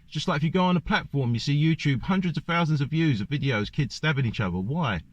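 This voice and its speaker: A man's voice: a little high, lively intonation, fast. A man ranting in a monologue to camera, firing off one rhetorical question after another. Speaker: vlogger. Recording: dull lo-fi dry recording.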